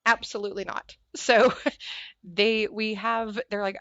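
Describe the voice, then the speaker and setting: A woman speaking as a podcast guest, lively and expressive, slipping into other people's voices as she tells stories. Her voice sits in a middle pitch range, recorded dry with a slightly dull, narrow sound. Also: unhurried, no room sound. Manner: animated storyteller acting out quoted voices with laughter. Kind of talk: candid conversational interview.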